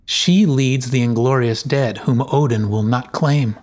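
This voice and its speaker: A soft-spoken, cunning young noblewoman needles her listeners with slow, quiet words, voiced by a man reading the story. Her pitch stays near the middle. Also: lightly acted. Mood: needling.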